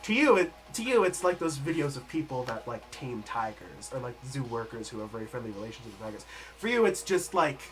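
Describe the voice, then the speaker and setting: A man narrating as game master in a livestreamed tabletop game, casual and quick to laugh. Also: mid-range voice, sing-song, faint music behind, low-quality recording.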